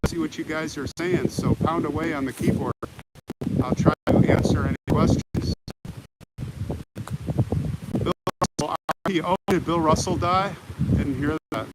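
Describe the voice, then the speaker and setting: An older American man hosting a live walking tour of a cemetery, chatting in a rambling way and answering viewer comments as he goes. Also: on the high side. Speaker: livestream host. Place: outdoors in a cemetery. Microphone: phone on a live stream. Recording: harsh noisy live-stream audio.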